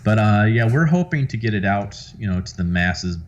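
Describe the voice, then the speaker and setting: A man's voice: fairly low pitch, expressive, normal speed, a little hiss or hum. Southern man rambling through a dull call. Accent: light Southern US. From American South. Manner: rambling, full of fillers and restarts. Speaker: guest actor. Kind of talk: casual interview chat.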